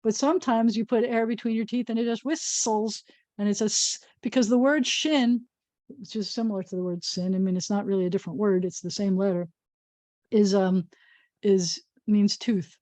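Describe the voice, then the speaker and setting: A woman's voice: medium pitch, fairly even intonation, normal speed, dark tone, dry recording. A woman rabbi teaching a Hebrew reading lesson in a patient, explanatory way, sounding out syllables and chuckling at her own jokes. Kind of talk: classroom lesson.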